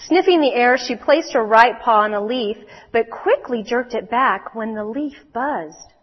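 A woman speaking in a church, reading a children's story aloud in an expressive storytelling manner. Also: a little high, long reverb tail, highs cut off.

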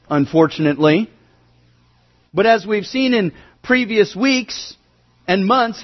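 A man preaching a sermon as pastor, earnest, swinging between emphatic rises and low quiet drops. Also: highs cut off.

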